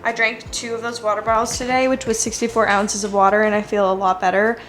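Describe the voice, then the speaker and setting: A woman's voice: medium pitch, flat delivery, quick pace. A young woman talking casually to camera as a lifestyle vlogger, chatty and upbeat, with lots of "like" fillers. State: out of breath after running. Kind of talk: casual vlog chat. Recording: roomy echo, faint music behind.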